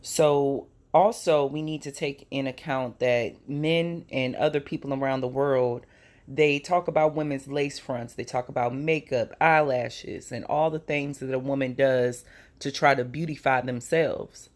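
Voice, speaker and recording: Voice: medium pitch, steady tone, a little slow. Earnest commentary host, medium voice. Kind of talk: commentary on news clips.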